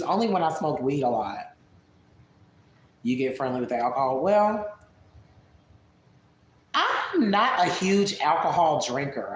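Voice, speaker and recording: A hoarse woman hosting a livestream, candidly answering viewer questions in casual chat. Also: sits low, echoey room, a little hiss or hum. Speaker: livestream host.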